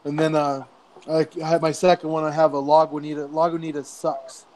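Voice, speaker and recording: A man from Idaho, a guest on a casual beer chat show, talking in a relaxed, rambling way. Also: fairly high pitch, fairly quick.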